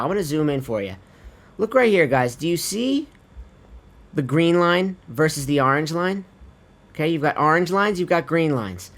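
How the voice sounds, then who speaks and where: A music producer with a somewhat high, slightly bright voice walks viewers through vocal tuning in a casual screen-recorded tutorial. He's chatty and laid-back, swearing offhand and calling the viewers his friends.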